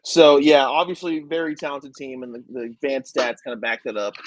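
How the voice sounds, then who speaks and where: A man's voice: medium pitch, brisk, no echo, poor audio. A man co-hosting a sports podcast, chattily walking through statistics and quizzing the others. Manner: chatty, presents stats with quizzing asides. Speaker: podcast co-host, stats segment. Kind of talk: casual sports podcast chat.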